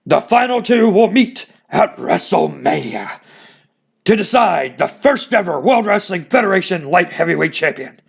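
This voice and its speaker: Guy doing a promoter making a big formal announcement, higher voice. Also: big pitch swings, normal speed, creaky, slightly rough, heavily acted. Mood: announcing.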